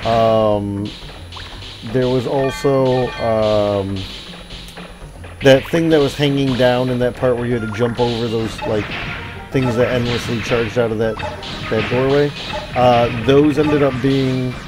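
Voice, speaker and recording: A man's voice: medium pitch, steady tone, slow pace. A young man hosting a let's play, rambling through casual commentary with lots of fillers and swearing when the game frustrates him. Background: game music.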